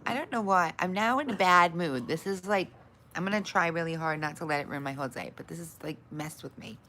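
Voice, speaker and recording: A woman hosting her own livestream, grumbling about her tech troubles and brightly greeting her viewers. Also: lowish voice, fairly quick, a little hiss or hum. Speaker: livestream host. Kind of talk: casual livestream chat.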